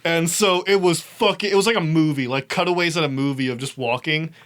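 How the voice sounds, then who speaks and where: A young man telling a story in a casual, animated way, swearing often and laughing as he talks. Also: fairly high pitch, brisk. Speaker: podcast host.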